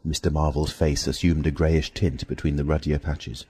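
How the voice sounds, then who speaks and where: A man narrating an audiobook in a measured, steady storytelling manner. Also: a bass voice, breathy edge. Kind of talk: scripted narration.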